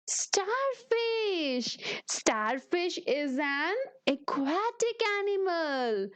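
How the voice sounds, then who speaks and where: A woman's voice: very high voice, sing-song, a bit bright. A woman teaching a preschool phonics lesson, speaking to young children. She says each letter sound and then a word, again and again. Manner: slow, repetitive, sound-then-word drilling.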